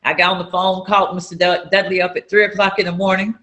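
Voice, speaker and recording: Lively woman telling a story. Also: lowish voice, fast. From North Carolina. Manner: acts out dialogue with sudden loud raised outbursts. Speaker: interview guest, entrepreneur. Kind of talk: animated personal storytelling.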